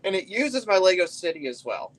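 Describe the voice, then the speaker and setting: A man's voice: high-pitched, very animated, a little fast, a bit bright. A man chatting casually on a live stream while building a brick set, rambling loosely and often trailing off mid-thought.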